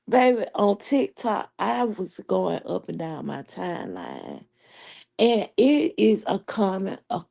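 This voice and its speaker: A woman's voice: fairly low pitch, creaky, dark tone. A woman hosting a live stream, telling a story in a sassy, profane, laughing way. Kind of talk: casual live-stream commentary.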